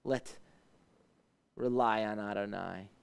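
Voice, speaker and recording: Gravelly, smooth-voiced male pastor teaching. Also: steady tone, slow. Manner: explains Hebrew words, rises in pitch when voicing pleading questions. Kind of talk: devotional Bible teaching. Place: ministry livestream.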